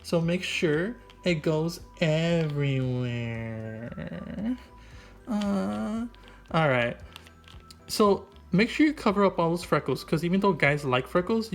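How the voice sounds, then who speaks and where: A man's voice: on the high side, animated, slow pace, soft background music. Rambling goofy man in a comic voice-over. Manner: rambling and goofy, full of "like" and "right?". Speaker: vlogger doing a comic makeup voice-over. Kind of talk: improvised comedic voice-over. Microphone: voice-over mic.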